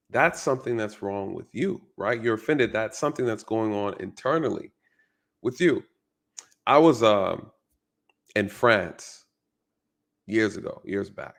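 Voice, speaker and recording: Man, host, casual commentary, gravelly voice, reflective, repeats himself. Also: mid-range voice. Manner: reflective, repeats phrases, keeps asking "right?". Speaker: channel host.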